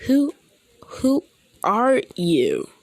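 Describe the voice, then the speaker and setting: A woman's voice: on the high side, huge pitch swings, drawn-out words, vocal fry, a little mellow, no room sound, pitched above the performer's own voice, heavily acted. A woman voicing a guarded young ninja boy who is wary of being hurt, in a plain, wary tone.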